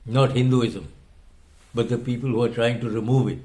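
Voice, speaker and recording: A man's voice: medium pitch, fairly even intonation, moderate pace, a little mellow. Impassioned older man. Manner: impassioned, emphatic. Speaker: host. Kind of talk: opinion commentary monologue.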